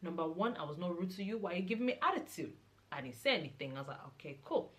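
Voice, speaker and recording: A young woman chats through a storytime vlog in a fairly low voice. She acts out the people in her story and keeps jumping up into high, exasperated cries. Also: very fast. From Nigeria. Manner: animated storytelling, mimicking others, rising to exasperated high-pitched outbursts. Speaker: vlogger.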